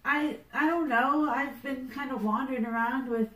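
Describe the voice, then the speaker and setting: A woman's voice: high-pitched, moderate pace, pushed and bright. A woman player chatting casually and with slang at a tabletop game. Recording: echoey room from a distance.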